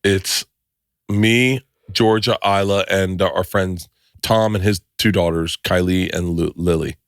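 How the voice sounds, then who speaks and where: A middle-aged man hosting a podcast, telling stories in an animated, profane, casual way. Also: low voice, measured pace, no echo, clean studio sound. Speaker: podcast host. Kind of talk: casual chat.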